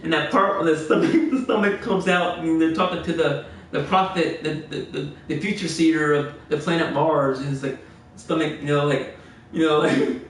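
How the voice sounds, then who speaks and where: A man's voice: a little high, fairly even intonation, normal speed. A man livestreaming a game, rambling through old stories with frequent laughter and restarted phrases. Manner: meandering storyteller who laughs a lot and restarts phrases. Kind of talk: rambling anecdotal chat. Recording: very echoey room, distant mic.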